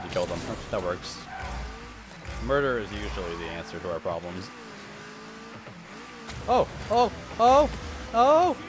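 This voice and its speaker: A man chatting casually while playing a video game, excitable and sarcastic, laughing often. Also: lowish voice, heavy background noise. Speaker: gamer and co-host. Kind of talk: casual gaming chat.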